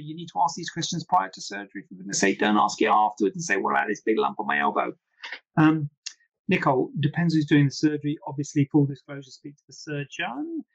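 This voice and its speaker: A man's voice: on the high side, gravelly, darkish tone, slightly rough, highs cut off. A man, a plastic surgeon, answering viewer questions in a casual, rambling live Q&A with frequent asides. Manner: chatty, rambling, self-deprecating asides.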